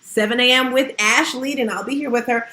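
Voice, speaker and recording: Woman host, upbeat and chatty, higher voice, echoey sound. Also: steady tone, fairly quick, bright, forceful tone. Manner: upbeat, chatty, laughs often. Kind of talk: casual online audio room hosting.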